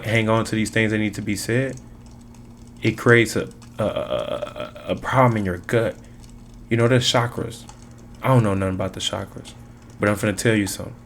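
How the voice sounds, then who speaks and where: Male tarot reader, lowish voice, emphatic and repetitive, casual street slang. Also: a little hiss or hum. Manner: preachy, emphatic, repeats phrases, slangy.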